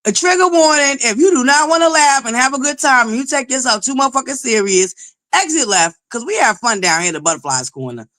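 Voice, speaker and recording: A woman hosting a livestream, loud and belligerent, who swears nonstop while greeting viewers and pushing for likes. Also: high-pitched, lively intonation, fairly quick. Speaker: livestream host. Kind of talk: profane live-chat commentary.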